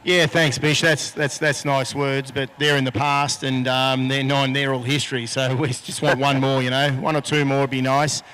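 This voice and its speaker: Bright-voiced Australian race driver, flat delivery. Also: male voice, medium pitch, normal speed, hardly any pauses, slight background noise. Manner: frank, plainspoken. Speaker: boat racing driver. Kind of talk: post-race interview. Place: outdoors at a boat race venue. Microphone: handheld microphone.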